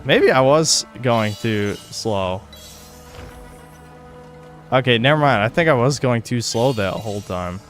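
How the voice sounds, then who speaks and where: A man's voice: medium pitch, lively intonation, takes it slowly, pauses often, soft background music. A young man streaming a video game, talking to himself, swearing and getting frustrated with the controls. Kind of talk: live gameplay commentary.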